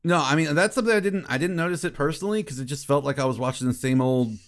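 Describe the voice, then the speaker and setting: Excitable stammering man chatting. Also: a little high, rapid-fire. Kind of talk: casual podcast chat.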